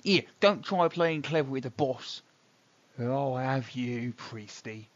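A man's voice: medium pitch, slow, natural voice. A man doing a sneering cocky thug boss. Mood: threatening. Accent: northern city accent of the game world. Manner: sneering, bullying, stumbling over words. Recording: dull lo-fi recording.

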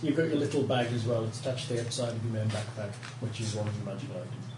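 A relaxed man runs a tabletop game, joking with the table. He is picked up from a distance. The room is echoey and full of noise. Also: on the low side, fast. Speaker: game master. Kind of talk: casual chat running a tabletop game.

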